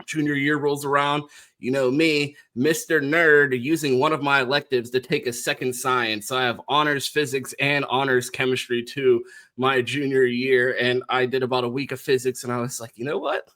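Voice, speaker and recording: A young man co-hosting a sports podcast, telling school stories in a casual, animated way and laughing often. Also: mid-range voice, normal speed. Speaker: co-host.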